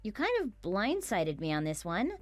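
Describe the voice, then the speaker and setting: A woman voicing a calm, reasonable young woman who keeps asking questions, puzzled by her roommate's rudeness. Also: mid-range voice, normal speed, soft background music.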